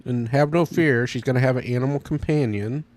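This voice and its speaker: A man chatting casually on his podcast, eager and rambling. He laughs often as he goes, and his voice sits at a middle pitch. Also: brisk, a little mellow. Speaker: podcast host. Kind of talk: casual chat.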